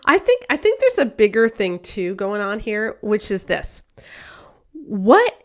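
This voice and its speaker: A woman's voice: on the high side, wildly swooping pitch, measured pace. A woman hosting a podcast, explaining her point thoughtfully, step by step, in casual conversation. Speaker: podcast host.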